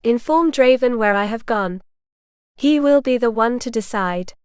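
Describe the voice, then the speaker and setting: A woman's voice: a little high, animated, measured pace, clear, resonant tone, dry recording, studio quality. A woman voicing a young noblewoman who speaks in a resolute, guarded way, in a storybook reading.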